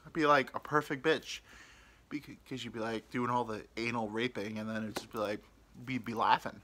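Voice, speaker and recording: A man's voice: mid-range voice, fairly even intonation, normal speed, bright, forceful tone, slight background noise. A young man hosting a podcast, telling a rambling, self-deprecating story in casual chat. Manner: rambling, self-deprecating, mimics people he quotes. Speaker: podcast host.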